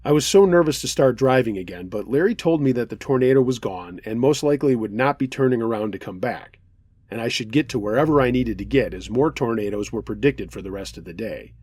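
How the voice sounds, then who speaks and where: A man's voice: medium pitch, lively intonation, brisk, a little mellow, husky, no room sound. A man hosting a scary story show, reading a listener's first-person account with earnest, dramatic storytelling.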